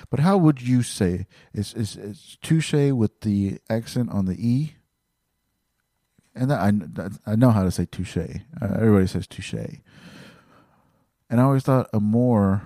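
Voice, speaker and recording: A man's voice: on the low side, dark tone, no echo, clean studio sound. A man hosting a podcast alone, talking casually and rambling with many fillers, restarts and casual swearing. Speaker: podcast host. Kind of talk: casual monologue.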